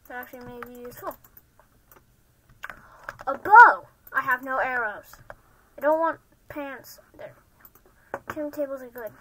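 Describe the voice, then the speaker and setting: Young gamer, high bright voice, excitable shouts and mumbled asides while playing. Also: slight background noise, poor audio. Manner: excitable, muttering half-whispered asides to self. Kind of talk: Minecraft gameplay commentary.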